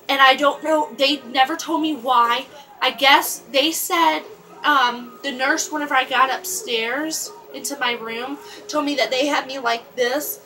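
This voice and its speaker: A woman telling a personal story in a casual vlog, halting often and restarting her sentences with lots of fillers. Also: high voice, pushed and bright, poor audio. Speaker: vlogger.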